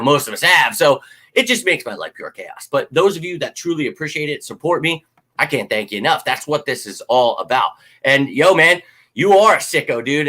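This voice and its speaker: Bright, animated male sports streamer. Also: mid-range voice. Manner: animated, blunt, swears, talks straight to viewers. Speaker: sports channel host. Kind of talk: casual live-stream chat.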